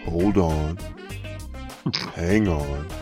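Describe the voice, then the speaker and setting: A man's voice: low voice, extremely slow, music in the background, voice pushed down. A man putting on a solemn, dramatic voice to read quoted lines.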